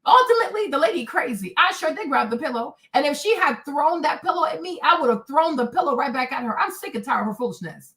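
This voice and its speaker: A woman's voice: sits high, quick pace, few pauses. A young woman hosting a livestream, ranting indignantly to her viewers in a casual storytelling way. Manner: animated, indignant, talks to viewers as y'all. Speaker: livestream host.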